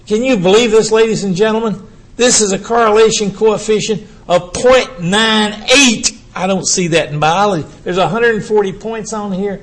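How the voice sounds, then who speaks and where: An older man giving a urology lecture to an audience, emphatic and animated, firing rhetorical questions at the room. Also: high-pitched, normal speed.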